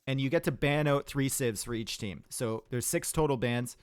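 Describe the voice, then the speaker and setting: A man's voice: medium pitch, moderate pace, clear, resonant tone. A man with a Canadian accent giving upbeat, chatty live commentary on a strategy game match and answering his chat. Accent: Canadian English. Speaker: game caster.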